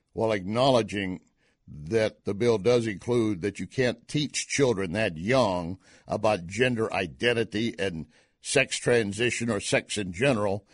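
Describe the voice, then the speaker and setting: A man's voice: lowish voice, no echo, clean studio sound. A man hosting a live online talk show, giving opinionated news commentary with sarcastic asides and rhetorical questions to his viewers.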